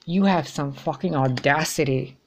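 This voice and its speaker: A woman's voice: low voice, normal speed, slight background noise. A woman giving a tarot reading in a blunt, exasperated way, swearing freely as she talks to her viewers. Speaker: tarot reader.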